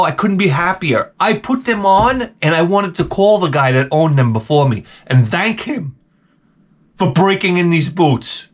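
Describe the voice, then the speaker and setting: A man in his forties giving a comedic monologue as a YouTuber, ranting with exaggerated outbursts. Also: on the high side. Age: 40s.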